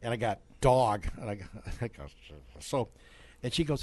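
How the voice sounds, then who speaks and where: A middle-aged man hosting a local radio show, telling a story in a studio with lively asides and laughs. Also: medium pitch, moderate pace, dry recording. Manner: animated storyteller, laughs mid-sentence. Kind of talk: casual storytelling and sponsor reads.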